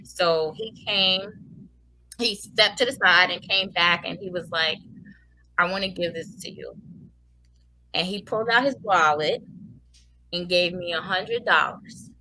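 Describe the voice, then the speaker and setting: A woman's voice: on the low side, a little slow, bright, forceful tone, poor audio. A woman, a guest in an interview, telling a heartfelt personal testimony in colloquial speech with many fillers.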